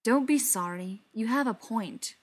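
A woman's voice: a little high, animated, a little slow. Woman voicing a scornful young male captive. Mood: mocking. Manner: mocking, blunt.

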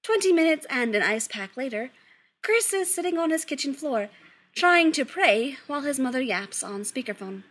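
A woman narrating a story aloud in an expressive, lively reading. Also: high voice, moderate pace.

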